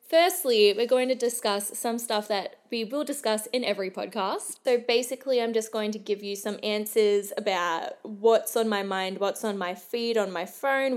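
A young woman hosting a podcast in a casual, gossipy chat, with lots of "like". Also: medium pitch. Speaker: podcast host.

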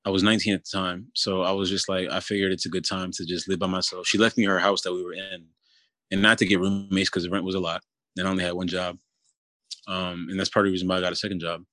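Casual young man, deep steady voice, dry close recording, personal storytelling. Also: fast talker, no echo. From Philadelphia area. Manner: casual, many fillers like "you know" and "kinda".

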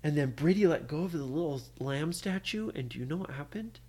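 A storyteller telling an improvised bedtime story, animated and often asking the listener what happened next. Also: mid-range voice, fairly quick. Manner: animated, keeps quizzing the listener.

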